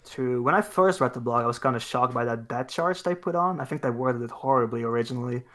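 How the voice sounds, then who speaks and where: A man's voice: mid-range voice, quick pace, a bit bright. Easygoing man guesting on a podcast. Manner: easygoing, agreeable, lots of "mm-hmm" replies. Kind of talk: casual gaming podcast chat.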